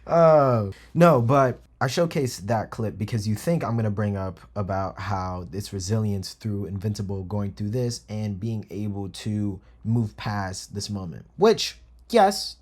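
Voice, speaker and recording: A man's voice: on the low side, darkish tone. A young man hosting a casual commentary video, slangy and hyped, often repeating himself. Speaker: video essay host.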